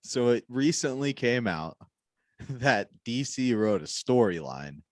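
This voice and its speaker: A man in casual comedy chat, telling stories with mock-earnest, deadpan build-ups. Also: medium pitch, slow, no echo.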